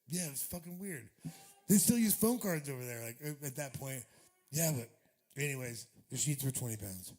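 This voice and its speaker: A man's voice: fairly high pitch, animated, moderate pace, a little mellow, breathy edge. A man in his forties, a touring musician, telling a rambling, profane story on a club stage into a stage mic, laughing often.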